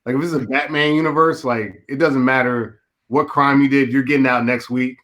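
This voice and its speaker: A man in casual chat on a video call, musing out loud with plenty of "like". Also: medium pitch, steady tone, brisk. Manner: casual, fills with "like".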